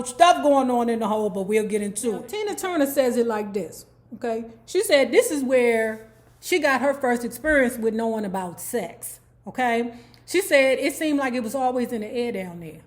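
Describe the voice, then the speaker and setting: Speaking in a slightly high voice, a woman from Washington, D.C. runs a book club vlog where she loosely recounts someone's life, dropping frank, cursing remarks and checking in with "okay?" again and again.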